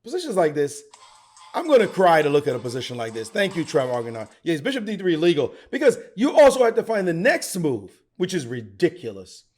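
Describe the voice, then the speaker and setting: A middle-aged man teaching chess, excitable and theatrical, talking straight to the viewer. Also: a little high, a little fast. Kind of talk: animated chess commentary.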